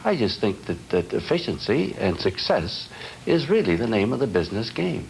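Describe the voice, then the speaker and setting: A man being interviewed for a television documentary, talking haltingly with many restarts as he searches for words. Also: lowish voice, very animated, gravelly, noisy background. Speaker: interviewee, business heir.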